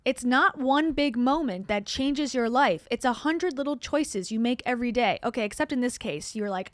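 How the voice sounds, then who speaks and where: A woman's voice: on the high side, normal speed, hardly any pauses, no room sound. A woman streaming live and reacting to a podcast clip, making sarcastic, exasperated asides and chuckling often. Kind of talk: casual livestream reaction commentary.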